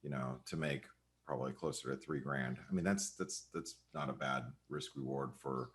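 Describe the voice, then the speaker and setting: A man's voice: extremely low pitch, fairly even intonation, moderate pace. A man giving casual live market commentary on a webinar, rambling with lots of fillers and repeated words, heard over a video call. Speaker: market analyst on a trading webinar.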